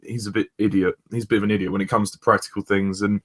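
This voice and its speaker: A young man hosting a casual review chat, rambling with many pauses and restarts. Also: fairly low pitch, level tone. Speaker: host of a review discussion.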